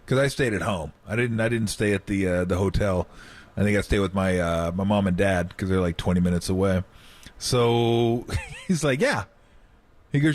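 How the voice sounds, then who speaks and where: On sports talk radio, a former basketball player in middle age spins lively anecdotes at a moderate pace, his voice sitting low. He plays out the quoted lines himself and laughs frequently.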